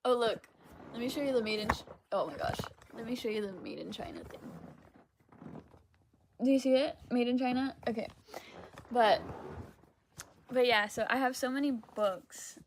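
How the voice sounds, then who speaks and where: A young woman with a fairly high voice talks about her books at home. She rambles loosely, fills every pause with "like," drops casual swears and keeps breaking into laughter. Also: noisy background. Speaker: book vlogger. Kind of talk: casual chatty book haul vlog.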